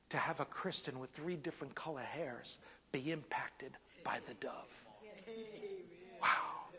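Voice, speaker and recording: A man preaching a sermon as a story, lively and animated, sometimes dropping to a hushed whisper. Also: fairly high pitch, big-room sound.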